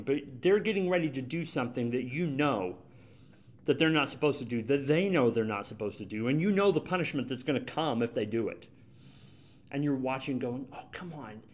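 A man preaching a sermon as pastor in a church, conversational and emphatic, repeating his key points. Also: medium pitch. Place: church sanctuary.

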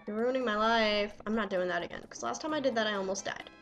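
Young woman cussing at a video game, loud and bright, goes off constantly. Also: mid-range voice, fast, lo-fi sound, faint music behind. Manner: excitable, swears a lot, yells at the game. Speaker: let's player. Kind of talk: casual gameplay commentary.

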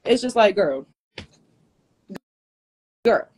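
A woman's voice: mid-range voice, lively intonation, drawn-out words, a little mellow, slight background noise. A woman hosting a live stream, ranting angrily and profanely at a rival, hot and sweating as she talks into her phone. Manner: angry, profane, confrontational. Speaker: livestream host. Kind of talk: heated livestream rant.

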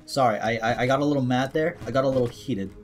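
A man's voice: mid-range voice, fast talker, faint music behind. A man streaming a video game, chatting casually to himself and his viewers in a jokey way. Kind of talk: casual gameplay commentary.

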